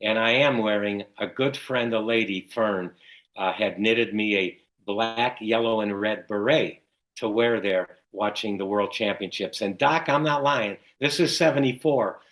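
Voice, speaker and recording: An older man from Chicago, a guest telling stories in an interview with lots of animated retelling. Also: fairly low pitch, measured pace, poor audio. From Chicago, USA. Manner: animated storyteller who acts out quoted dialogue. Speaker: guest, cycling race announcer. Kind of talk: casual storytelling in an interview.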